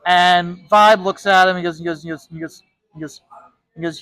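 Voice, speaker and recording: A man's voice: high-pitched, fairly even intonation, moderate pace, fairly bright tone, no room sound, low-quality recording. A man who is a comic artist, casually telling a story while he draws, rambling with frequent restarts and repeated words.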